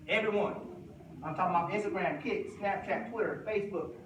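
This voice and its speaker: A man with a high voice gives an assistant principal's informal talk to a group of parents and brings his stories to life by acting out the voices of parents and students. He is recorded from across an echoey room. Steady noise and room ambience sit behind him. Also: a little fast, distant mic. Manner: animated, acts out voices of parents and students, laughs often. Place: room with an audience.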